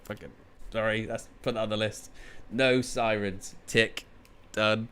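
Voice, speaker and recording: A man's voice: fairly low pitch, level tone, unhurried, fairly bright tone, smooth. A man hosting a live match-day stream, chatting casually in a rambling, jokey, sarcastic way.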